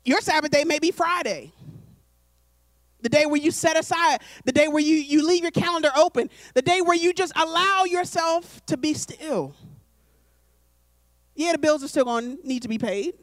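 A woman preacher delivering a calm, conversational sermon, slowing down for emphasis. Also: high voice, no echo. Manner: conversational, deliberate, slows for emphasis.

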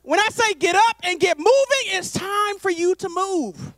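A woman's voice: extremely high pitch, expressive, unhurried, fairly bright tone, no room sound, clean studio sound, pitched above the performer's own voice, exaggerated voice. A woman voicing God as a loving male deity, earnestly calling to be heard. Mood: commanding. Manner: repeated calls of hello, raised and earnest.

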